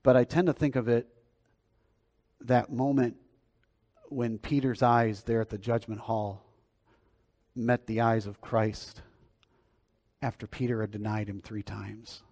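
An earnest man preaching a sermon, his voice at an ordinary middle pitch for a man. He shifts between swelling, emphatic phrases and quiet, dropped ones, then moves into prayer. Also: steady tone, a little slow, long pauses. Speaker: pastor.

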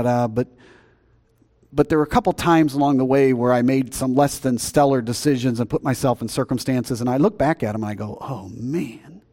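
A man preaching a sermon as pastor, conversational, swinging between loud emphasis and quiet asides. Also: medium pitch. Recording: long reverb.

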